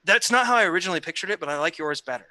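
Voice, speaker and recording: A man's voice: high voice, lively intonation, racing, bright, forceful tone, dry recording. A man playing in a tabletop game, chatting eagerly after the session, rambling and tripping over his words. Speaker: player. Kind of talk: excited post-session chat.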